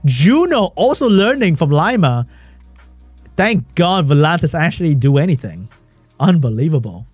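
A man calls an esports match live on his stream, and his voice swings up and down as he gets excited. He laughs a lot and answers his chat between plays. The sound is dry and close, with faint music in the background. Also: on the high side, moderate pace, husky, dry recording. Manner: excitable, laughs often, chats with viewers. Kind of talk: live game commentary while reading chat.

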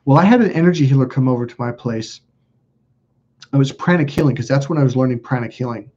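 A man speaks fast and animatedly in a mellow, mid-range voice with a breathy edge. Hosting a casual livestream, he rambles through blunt, heavily profane stories and reads viewer comments, and the audio is dull lo-fi.

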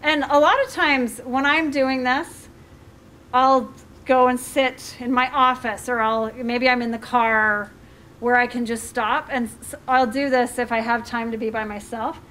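A woman's voice: fairly high pitch, fairly even intonation, measured pace, fairly bright tone. A middle-aged woman life coach giving a chatty talk on handling emotions, with many fillers and restarts and some laughter.

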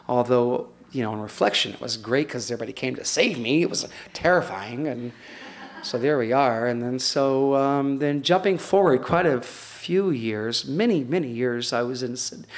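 A man telling a personal story in a rambling, animated way, full of fillers and restarts, at a community access show. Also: medium pitch.

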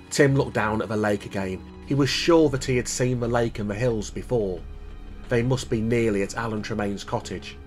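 Brief: calm male reader of a children's story, mid pitch, measured delivery, faint music behind. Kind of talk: reading a children's book aloud.

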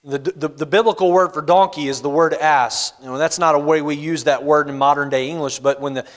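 A male pastor preaching a sermon in a church, telling the story with animated voices. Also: on the high side, brisk. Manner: animated storytelling, acts out characters. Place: church sanctuary. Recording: long hall reverb in church.

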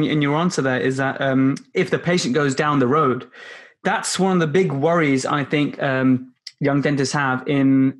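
A young man hosting a podcast, putting thoughtful questions to a dentist guest. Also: on the high side. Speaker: podcast host. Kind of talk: conversational podcast interview.

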